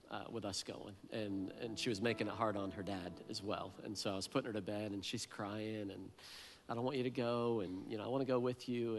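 A man in his thirties preaching a heartfelt sermon, earnest and emotional, often repeating his words. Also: lowish voice. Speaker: pastor.

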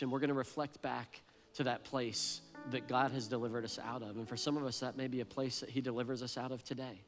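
A man's voice: medium pitch, steady tone, brisk, a bit bright, soft background music. A man in his thirties preaching a heartfelt sermon, earnest and emotional, often repeating his words. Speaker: pastor.

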